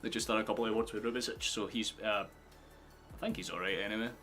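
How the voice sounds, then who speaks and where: Soft background music accompanies a young Scottish man talking fairly quickly in a lowish voice as he live-streams a football match reaction. He chats with his viewers, swears freely, and erupts into shouts at goals in his excitement.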